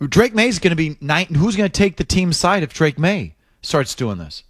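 A man's voice: a little high, very animated, moderate pace, no room sound, clean studio sound. A man hosting a sports talk radio show, taking listener calls and joking with his co-host.

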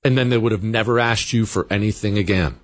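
A man's voice: lowish voice, quick pace, no room sound. A man hosting a talk radio show, delivering a sarcastic, combative monologue.

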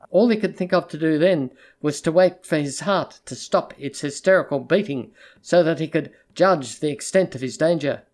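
An audiobook narrator reading a literary short story in a measured, even storytelling voice. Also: mid-range voice.

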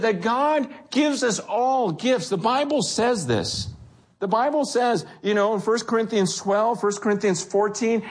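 Guy preaching, pretty high voice, lively, acts out the quotes, lots of restarts. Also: slightly rough. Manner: frequent self-corrections and repeated words. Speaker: pastor. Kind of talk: sermon.

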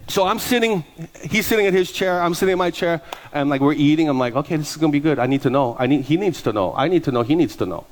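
A man's voice: a little high, fast talker. A middle-aged male pastor preaching a sermon, telling stories and acting out the voices of people in them. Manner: animated, acts out dialogue in quoted voices. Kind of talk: sermon with storytelling.

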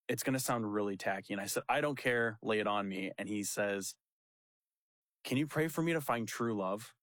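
A man's voice: on the low side, no echo. Young guy pastor telling a story, acts out voices, laughs a lot, dry close sound. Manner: animated, laughing storyteller who acts out quotes. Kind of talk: casual storytelling chat.

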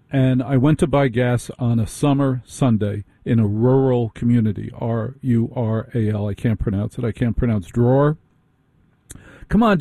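A man telling a story in a wry, exasperated way, breaking off for quick asides to his listeners. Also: medium pitch, dark tone, no room sound. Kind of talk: storytelling monologue.

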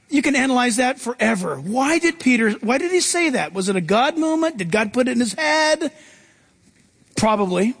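A man preaching a sermon as a pastor, animated and playful, acting out the voices of Bible figures as he tells the story. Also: very high-pitched, moderate pace, breathy edge.

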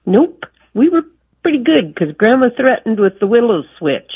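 An older woman calling in to a radio show, slowly and warmly recounting a family saying. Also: a little high, big pitch swings, breathy edge, no room sound. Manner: slow, friendly storytelling. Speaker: caller. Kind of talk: phone call to a radio show. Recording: tinny phone line.

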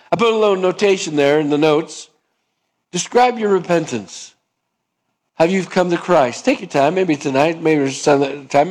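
Conversational male preacher with a fairly high voice. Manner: conversational, asks the congregation questions; acts out dialogue to illustrate points. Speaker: pastor. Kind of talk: sermon.

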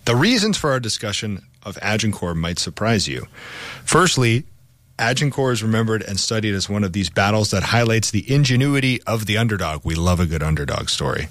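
A man's voice: lowish voice, lively intonation, fairly quick, fairly bright tone, dry recording. A man co-hosting a history podcast, reading a script with casual asides. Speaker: podcast co-host.

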